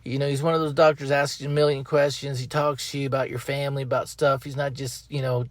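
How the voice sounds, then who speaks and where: A man's voice: medium pitch, level tone, quick pace, no room sound. A man hosting a podcast in a casual, folksy, rambling monologue, often repeating his phrases, talking from up in a tree outdoors. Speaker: podcast host.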